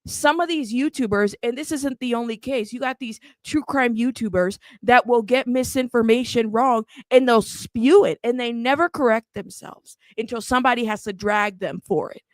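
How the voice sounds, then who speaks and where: A woman hosting a true crime channel, talking in a casual, animated and sassy way, bilingual in Spanish. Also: on the high side, moderate pace, few pauses, dry recording. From United States. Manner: animated, sassy, frequent laughs. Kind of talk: casual livestream commentary.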